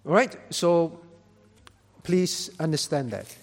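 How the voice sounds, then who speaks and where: This is a man preaching a sermon in a high-pitched voice. He leans hard on stressed words and repeats phrases as he builds each point. His voice carries a long, echoing reverb, as if filling a large hall. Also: lively intonation, slow pace. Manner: emphatic, rising to loud stresses. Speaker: pastor.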